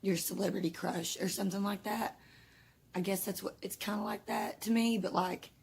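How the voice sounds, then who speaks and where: A woman's voice: medium pitch, fairly even intonation, moderate pace, vocal fry, darkish tone, a little hiss or hum. A woman vlogging casually to her viewers, nervous and flustered, rambling with lots of fillers. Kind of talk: casual vlog talk to camera.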